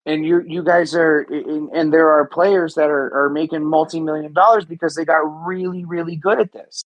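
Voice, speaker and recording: A man's voice: a little high, fairly even intonation, moderate pace, dry recording, muffled recording. A man co-hosting a podcast in casual chat, swearing freely and ranting with heat. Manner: profane, heated rants. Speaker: podcast co-host.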